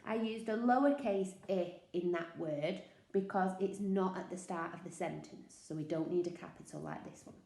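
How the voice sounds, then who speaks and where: A woman teacher with a Northern English accent, slowly sounding out words for young children in a sing-song, encouraging way. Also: fairly low pitch, vocal fry, dark tone. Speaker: early years teacher. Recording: echoey room.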